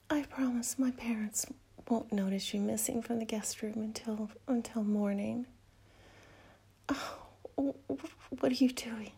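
A woman speaking in a whispered role-play, breathing her words softly and intimately between quiet murmurs. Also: sits high, steady tone, a little slow, creaky, breathy edge.

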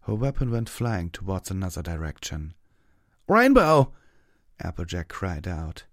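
Deep-voiced male storyteller. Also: moderate pace, a little mellow, no room sound, studio quality. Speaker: narrator. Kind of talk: scripted narration.

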